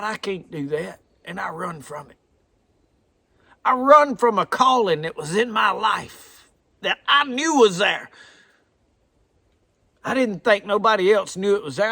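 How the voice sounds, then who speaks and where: A man's voice: high-pitched, lively intonation, moderate pace, gravelly, long pauses, sharp tone, husky, no room sound, clean studio sound. A man with a thick Southern drawl preaching a folksy, earnest sermon. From American South.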